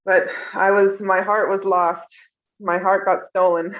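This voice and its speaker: A young woman recounting emotional personal memories in an interview, tender and often laughing softly. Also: mid-range voice, flat delivery, a little slow. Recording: dull lo-fi sound.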